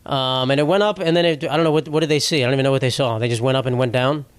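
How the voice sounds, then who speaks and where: A man's voice: medium pitch, rapid-fire, smooth, no room sound. A young man hosting a solo comedy podcast, rambling and swearing as he mocks himself. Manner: profane, rambling, self-mocking. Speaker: podcast host.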